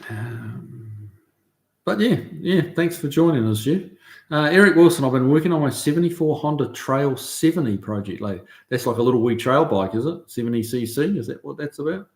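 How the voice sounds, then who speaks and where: A middle-aged man with a New Zealand accent hosts a casual live stream from his car shop, reading out viewer comments in a relaxed, chatty way full of ums and uhs. His medium-pitched voice has vocal fry and moves a little fast.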